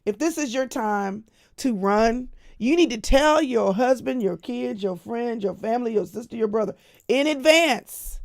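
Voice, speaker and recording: A woman's voice: on the high side, expressive, measured pace, gravelly. A middle-aged woman speaking as a Christian speaker, chatting casually to camera and telling stories straight to her audience. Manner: chatty storytelling that talks straight to the audience as "y'all". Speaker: Christian speaker sharing a personal update.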